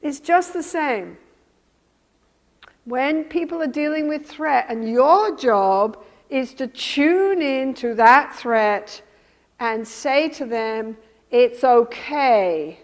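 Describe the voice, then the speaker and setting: An animated woman lecturing a workshop audience, her voice high and lively. She talks emphatically and acts out her examples. A long reverb hangs on her words, as in a big lecture hall. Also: slow pace. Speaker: workshop presenter.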